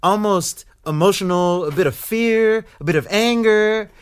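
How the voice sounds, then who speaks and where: Man, young adult, interview guest, animated storytelling, slightly higher pitch. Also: a little slow, clear, resonant tone. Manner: animated, rising to loud when reenacting anger.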